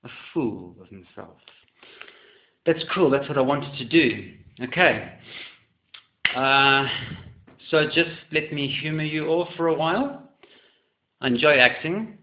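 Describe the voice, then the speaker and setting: A man from South Africa, an artist, talking to the camera in a theatrical, flamboyant way that swings between loud and soft. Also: on the high side, expressive, slow, pauses often. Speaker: artist and muralist. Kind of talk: casual camera monologue. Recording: echoey room, dull lo-fi sound.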